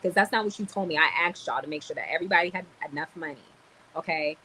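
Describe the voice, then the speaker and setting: A woman's voice: deep voice, fast, bright, forceful tone, slight background noise, rough recording. A woman venting on a livestream, annoyed and swearing as she tells a story. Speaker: livestream host. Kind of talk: ranting livestream chat.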